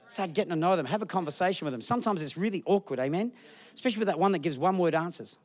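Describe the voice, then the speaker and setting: A middle-aged preacher with a high voice races through his sermon. He tells funny stories in an animated way, putting on voices whenever he quotes someone.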